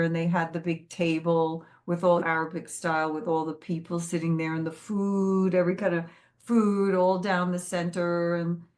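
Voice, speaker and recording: A woman telling her own life story in an interview, earnest, quoting others as she goes. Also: on the low side. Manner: earnest, quotes others in lively voices. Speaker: guest. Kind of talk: emotional personal storytelling.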